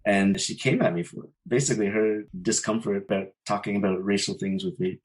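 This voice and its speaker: A man with a very deep, low voice speaks on a casual panel discussion. He tells a personal story candidly and at length, and his voice jumps up whenever he quotes someone else. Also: steady tone, fairly quick, low-quality recording. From Caribbean family, mother from Barbados. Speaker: panel guest.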